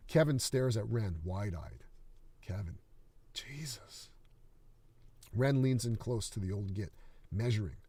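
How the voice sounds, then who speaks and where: A man reading his screenplay aloud in a steady, dramatic manner. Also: lowish voice, normal speed, breathy edge.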